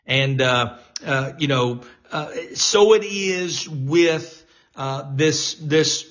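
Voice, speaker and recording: A man's voice: mid-range voice, steady tone, measured pace, fairly bright tone, highs cut off. A man of sixty, a talk radio host, delivering a rambling political commentary monologue full of fillers and restarts. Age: 60s.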